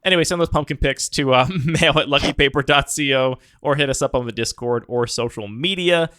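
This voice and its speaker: Fast-talking joking man on a podcast. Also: medium pitch, sharp tone, no echo, studio quality. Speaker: podcast co-host. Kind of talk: casual chat.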